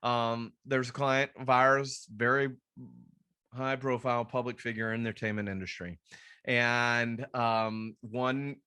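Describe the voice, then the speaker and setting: A man leads a relaxed sales training session, mixing advice with stories. He talks in a lively, chatty way and slips into quoted voices to act out phone calls. His voice sits at an ordinary pitch, recorded close and dry with no room sound. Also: unhurried, clear, resonant tone, no echo. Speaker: luxury real estate trainer. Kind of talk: conversational training talk with storytelling.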